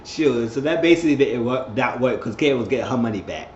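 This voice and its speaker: Man, casual recap chatter, laughs a lot, squeaky impressions, echoey room, dull faint-hiss audio. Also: lively intonation, fast talker. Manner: chatty, laughs often, acts out cast members in high squeals. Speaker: reality show recapper. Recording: roomy, dull lo-fi sound with faint noise.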